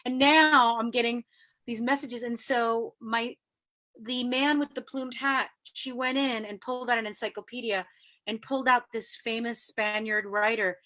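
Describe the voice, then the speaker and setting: A woman from New York City, a guest in an interview, who tells stories in a lively way and acts out the voices she quotes. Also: a little high, normal speed. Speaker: guest sharing spiritual experiences. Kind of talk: casual storytelling interview.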